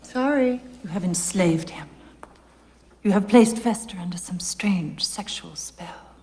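An actress playing an elegant gothic mother who pleads in a hushed, formal whisper in a film scene. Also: fairly low pitch, expressive, unhurried. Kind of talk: film dialogue.

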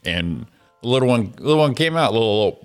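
A man co-hosting a morning show, prodding for details and laughing loudly in casual banter. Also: mid-range voice, big pitch swings, quick pace, faint music behind.

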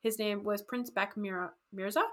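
A woman casually telling a history story on a podcast, animated and jokey, acting out quotes. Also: medium pitch, moderate pace. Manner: animated, jokey, acts out quotes in goofy voices. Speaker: podcast co-host.

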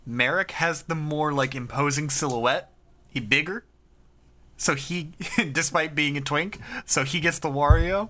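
Bright-voiced, wry, teasing podcast co-host. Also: medium pitch, unhurried. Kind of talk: casual chat.

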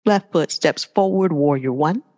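A yoga teacher giving live cues in a studio with a long reverb tail. The speech is casual and joking between breath and pose counts, at a mid pitch. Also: a little slow, darkish tone. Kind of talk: live class instruction.

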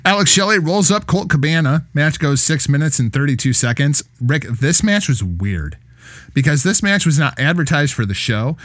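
Animated, profane male podcast host. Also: a little high, moderate pace, no echo, clean studio sound. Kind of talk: casual wrestling podcast chat with ad read.

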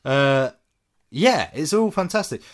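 A man casually chatting about a film as a podcast co-host, enthusiastic, his phrases trailing off low. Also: big pitch swings, takes it slowly, a little hiss or hum.

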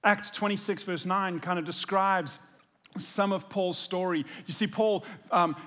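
A man's voice: sits high, fairly even intonation, a little slow, fairly bright tone. A man preaching a sermon, telling the story in a casual, conversational way and acting out the quotes. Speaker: pastor.

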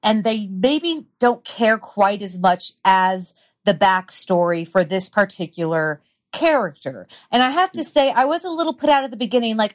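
A woman's voice: mid-range voice, normal speed. A woman chatting as a guest on a podcast, enthusiastic and opinionated. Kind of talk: casual chat.

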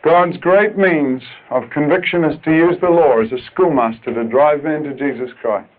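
A man preaching a sermon to other preachers, emphatic and urgent, dropping at times to quiet, earnest asides. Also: on the high side, moderate pace. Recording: tinny lo-fi old tape recording.

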